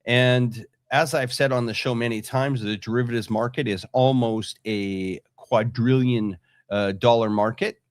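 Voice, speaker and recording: A man who is a guest on a livestream, giving financial views with frequent hesitant pauses. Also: medium pitch, fairly even intonation, no room sound, clean studio sound. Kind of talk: casual political livestream chat.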